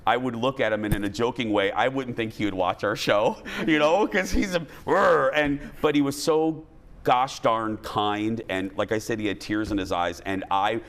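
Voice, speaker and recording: A man's voice: mid-range voice, expressive, normal speed, hardly any pauses. A man hosting a TV talk show in a studio with a live audience, upbeat and chatty, turning earnest and heartfelt.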